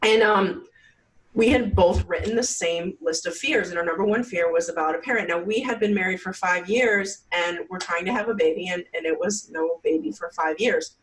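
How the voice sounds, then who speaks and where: A woman podcast guest tells her story in a casual interview, chatty and full of "like" fillers, acting out quotes. Her voice is lowish at a normal speed, captured on a distant mic in a rough recording.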